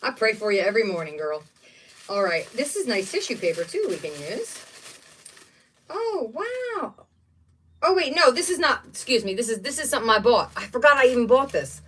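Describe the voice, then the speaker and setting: A woman's voice: a little high, animated, fast talker, fairly bright tone, a little hiss or hum. A woman hosting a casual craft livestream, chatting and exclaiming over each item she unboxes. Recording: voice somewhat distant from the mic.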